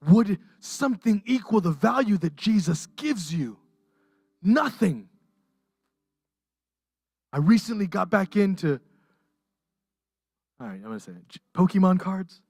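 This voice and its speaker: A pastor delivering a livestreamed sermon, impassioned and emotional, rising to near-shouts and dropping to hushed softness. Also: mid-range voice, slightly rough, no room sound, clean studio sound. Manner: impassioned, swings from raised intensity to hushed softness. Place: church.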